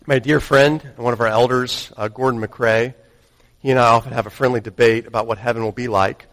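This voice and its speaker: A male pastor preaching a Sunday sermon, rising to stress points and dropping to a hushed tone. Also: medium pitch, steady tone, brisk. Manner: dynamic, swings from raised emphasis to hushed intimacy. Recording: long hall reverb.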